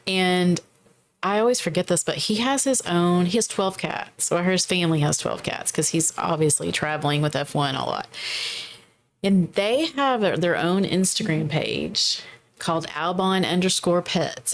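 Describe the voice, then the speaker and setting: A woman in her forties with a somewhat low-pitched voice chats casually on a podcast. She rambles a bit between thoughts and breaks into quick laughs as she goes. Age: 40s. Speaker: podcast co-host. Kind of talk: casual chat.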